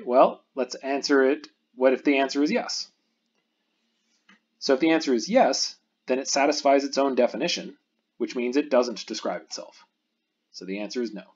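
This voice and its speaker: Patient and methodical, this lecturer goes through a math problem step by step, leaving pauses for viewers to reflect. He's a man with a slightly husky middle-pitched voice whose intonation moves a great deal between cases, and the sound is a little dull and lo-fi.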